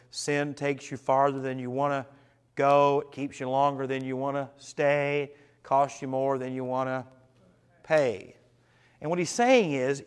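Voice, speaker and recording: A man leading an evening Bible study as pastor, earnest, slowing and dropping his voice for emphasis and asking the group questions. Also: a little high.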